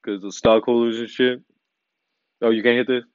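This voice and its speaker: A man's voice: mid-range voice, level tone, normal speed, clear, resonant tone, no echo, highs cut off, natural voice. A man doing an impression of a famous podcast host, goading and teasing in a bro-ish way.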